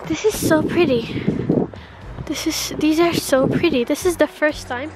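A young woman chatting excitedly and breathlessly on a handheld phone camera in a casual vlog, now and then slipping into Arabic phrases. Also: high-pitched, a little slow, heavy background noise. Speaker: vlogger.

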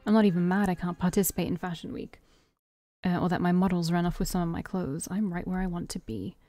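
A woman's voice: lowish voice, warm tone. A woman streamer reading a dating-sim game's text aloud, voicing every part in her own voice and breaking off for joking asides. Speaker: let's-play streamer reading a visual novel aloud. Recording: faint game music behind.

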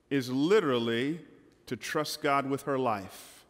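A male pastor preaching a sermon from a church stage, emphatic and colloquial, swinging from loud to hushed. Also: medium pitch, lively intonation, normal speed. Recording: long hall reverb, faint music.

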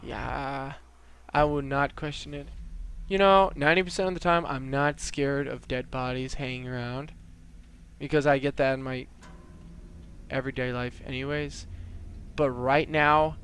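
A man's voice: medium pitch, fairly even intonation, measured pace, a bit bright, clean tone. A man hosting a horror game let's play, talking jittery to the game and to his viewers.

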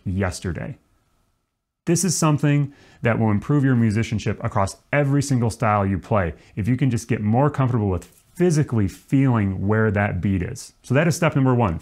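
A man teaching trombone, explaining swing feel in a relaxed, demonstrative way. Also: mid-range voice. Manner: relaxed, demonstrative, counts off and sings rhythm syllables. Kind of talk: music lesson.

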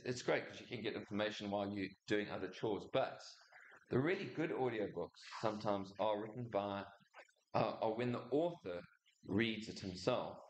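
A male pastor giving a chatty sermon, halting with frequent restarts and asides to the congregation. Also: lowish voice, slight background noise. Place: church hall. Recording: echoey church room.

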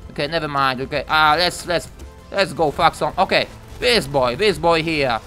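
A young man giving live gameplay commentary, excitable and profane, breaking into yelps and shouts. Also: a little high, moderate pace, faint music behind.

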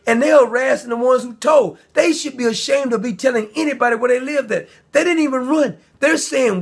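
A man hosting his own commentary video, talking in a heated, indignant rant that often rises to shouting. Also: extremely high pitch, gravelly, slightly rough. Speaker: commentary channel host. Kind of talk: angry ranting commentary.

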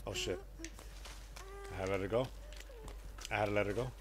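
A man live-streaming a game, chatting casually with his viewers and reacting loudly to the action. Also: fairly low pitch, brisk.

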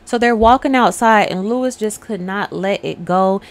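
A young adult woman recaps a film on her own channel in a chatty, storytelling style, speaking directly to her viewers and acting out the characters' lines. Her voice is medium in pitch at a normal speed.

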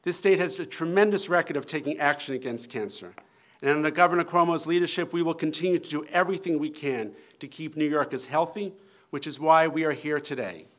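A man giving prepared, formal remarks in a measured way before introducing the governor. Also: on the high side, fairly bright tone.

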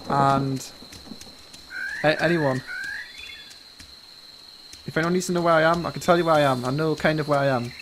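Male streamer, nervous joking patter, slightly high voice, headset mic, noisy game-chat audio. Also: steady tone, moderate pace, pauses often. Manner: nervous, pleading, joking chatter.

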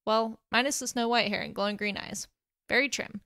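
A woman's voice: mid-range voice, fast, a bit bright, no echo, clean studio sound, close to an everyday voice. A woman voicing a bubbly, chipper teenage girl hero who likes to tease. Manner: chipper and teasing.

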